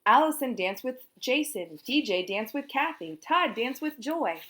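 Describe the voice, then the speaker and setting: A woman reading a children's book aloud, animated and singing out the sound effects herself. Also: fairly high pitch, measured pace. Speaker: storyteller.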